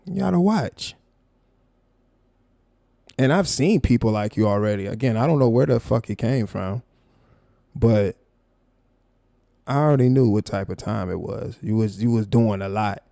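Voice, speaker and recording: A man's voice: lowish voice, moderate pace, gravelly, dark tone, dry recording, clean studio sound. A man hosting a live stream, confrontational and profane, calling someone out in a heated rant.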